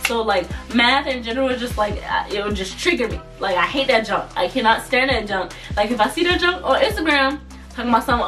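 A woman's voice: on the high side, fast talker, recorded from a distance. Chatty young woman, slightly off-mic. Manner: animated, chatty, laughs often. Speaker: vlogger. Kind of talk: casual storytime chat. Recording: voice a bit off-mic, faint music behind.

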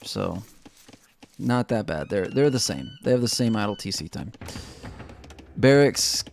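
A man's voice: fairly low pitch, expressive, a little slow, creaky, soft background music. A young man giving casual, chatty commentary on a strategy game, poking fun at himself. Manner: chatty, self-mocking, laughs at own jokes. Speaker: game caster.

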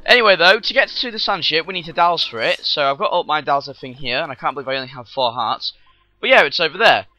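A man hosting a let's play, commenting in a rambling, excitable way with lots of fillers and sudden outbursts, over faint game music on a dull lo-fi recording. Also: fairly high pitch, fast.

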